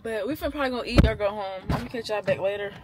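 A woman's voice: medium pitch, racing, heavy background noise. A woman of twenty talking casually to camera in a slangy, chatty, laid-back way, recorded on a phone or small camera held close. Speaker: vlogger. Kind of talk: casual vlog talk to camera.

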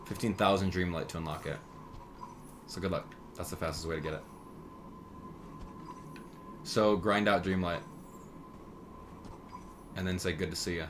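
A man's voice: low voice, fairly even intonation, background noise. A young man streaming a video game, teasing his chat and commenting casually as he plays. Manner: joking, teasing chat, quick mood swings. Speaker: gaming streamer.

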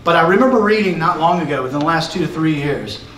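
Fired-up guy teaching a church class, kinda high voice, roomy echo from far off the mic. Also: quick pace, slight background noise. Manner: excitable, emphatic, shouting at peaks. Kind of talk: church lesson to a congregation. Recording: roomy echo, recorded from afar.

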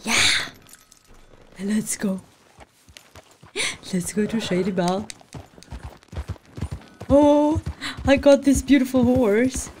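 A gaming channel host plays through a casual let's-play, talking into a desk microphone in a slightly high, warm voice at a slow pace with long pauses and a little hiss or hum. She gushes over the game, emotional and easily delighted.

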